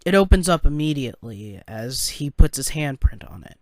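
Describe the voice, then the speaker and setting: A man narrating a first-person story in a halting, anxious way, stumbling over his words. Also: fairly high pitch, big pitch swings, dry recording, clean studio sound. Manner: halting, anxious, with stammered restarts.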